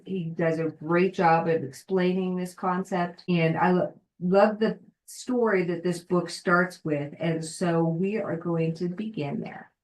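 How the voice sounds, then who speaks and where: A woman's voice: on the low side, low-quality recording. Encouraging woman coach on a video call. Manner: encouraging, addresses listeners by name. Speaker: life coach. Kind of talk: live coaching call, reading a book aloud.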